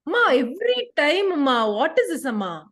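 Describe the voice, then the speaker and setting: A woman's voice: sits high, very animated, a little slow, a bit bright, voice pushed up, heavily acted. A woman playing a sulky ten-year-old girl who talks back to her mother, whiny and stammering.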